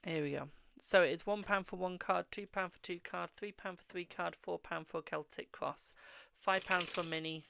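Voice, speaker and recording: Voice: medium pitch, fairly even intonation, normal speed, vocal fry, few pauses, pushed and bright, no room sound. A host reading tarot on a live stream, answering viewers' questions, calling them "my darling" and murmuring while drawing cards. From England.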